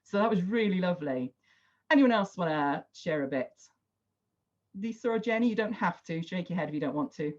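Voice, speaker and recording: A woman's voice: lowish voice, lively intonation, a little fast, darkish tone. A woman facilitating an online workshop on a video call, chatty and encouraging, with lots of "sort of" hedges. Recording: dull lo-fi video call audio.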